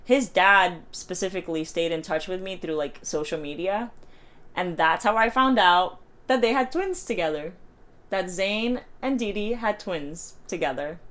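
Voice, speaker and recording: A young woman in her twenties tells a personal story to camera in a casual vlog. She acts out every quote with sharp swings in pitch and loudness and swears freely. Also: a little slow. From New York. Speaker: vlogger.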